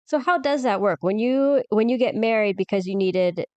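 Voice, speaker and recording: A woman's voice: medium pitch, moderate pace, dry recording. An American woman co-hosting a casual podcast chat, asking curious, playful questions. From United States. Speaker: podcast co-host.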